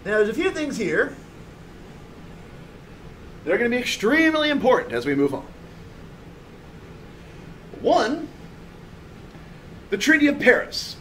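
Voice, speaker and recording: A man teaching a history class in a chatty, animated way, pointing things out on a map as he talks. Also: extremely high pitch, a little slow, pauses often. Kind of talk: classroom lecture. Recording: distant mic with faint room noise.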